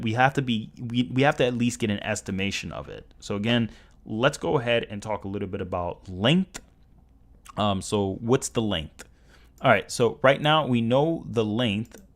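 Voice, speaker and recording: Male streamer, lowish voice, casual and rambling, stops to correct himself, keys clacking behind. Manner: rambling, self-correcting, working through math aloud. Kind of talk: casual livestream commentary.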